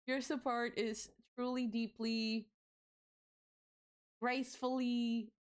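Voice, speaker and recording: A woman's voice: on the high side, little pitch movement, very slow, clean tone. A young adult woman streamer chatting casually with her viewers, giggly and bubbly, swearing freely. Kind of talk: casual livestream chat with viewers.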